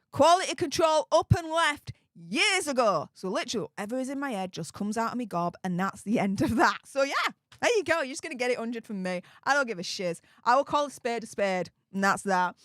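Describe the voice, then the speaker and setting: A woman's voice: a little high, expressive, normal speed, a bit bright, dry recording, studio quality. A woman hosting a casual live stream, reading chat messages and answering them bluntly, with frequent laughs and fillers. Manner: chatty and blunt, laughs often, many fillers.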